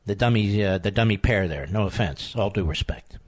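A man hosting a political talk radio show, combative and emphatic, with sudden high outbursts. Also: a little fast.

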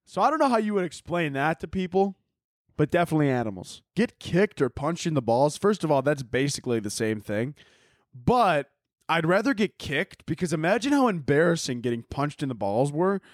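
A man's voice: a little high, sing-song, a little fast, dry recording, clean studio sound. A young man hosting a podcast, rambling through casual, profane, jokey chat and laughing often. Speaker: podcast host.

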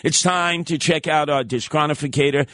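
A man is hosting a talk radio show, telling a story in an animated and heated way. His voice sits a little high for a man. It is recorded close and dry in a studio. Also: normal speed, no echo. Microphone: studio microphone.

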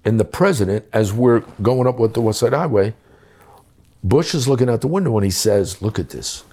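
A man's voice: mid-range voice, a little fast, dark tone. A middle-aged man telling a story in conversation, blunt, emphatic and full of swearing. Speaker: guest recounting his time as a police official.

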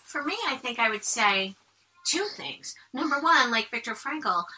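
Bright woman giving measured advice. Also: a little high, expressive, poor audio. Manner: measured, counts off points. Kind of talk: casual chat.

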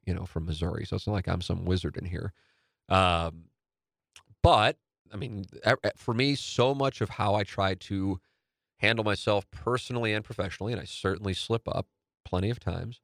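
A man talks through his podcast in a rambling, candid way, restarting sentences and swearing offhandedly. His voice sits on the low side. The sound is close and dry. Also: gravelly, no echo. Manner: rambling, candid, self-interrupting, swears casually. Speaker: podcast host and radio host. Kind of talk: casual solo podcast monologue.

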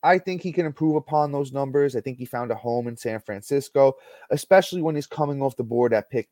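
A man hosting a casual sports podcast, upbeat and reading stats in a steady list. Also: medium pitch, brisk, no echo. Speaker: podcast host.

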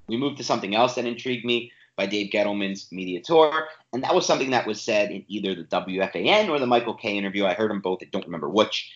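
Male podcast co-host, lowish voice, emphatic and talky, roomy and dull-sounding recording. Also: fast talker, hardly any pauses. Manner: animated, emphatic, with frequent restarts. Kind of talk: casual sports podcast talk. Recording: roomy, slightly dull home podcast audio.

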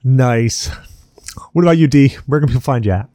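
A man's voice: mid-range voice, moderate pace, dark tone, no room sound, studio quality. A man hosting a podcast, telling a rambling, profane story in casual chat. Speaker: podcast host.

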